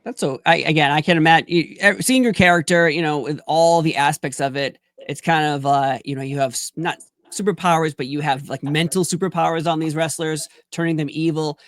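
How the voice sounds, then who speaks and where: A man's voice: a little high, steady tone, brisk, fairly bright tone, no room sound. A man hosting an interview, asking long, enthusiastic questions full of fillers and restarts. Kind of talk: casual sit-down interview.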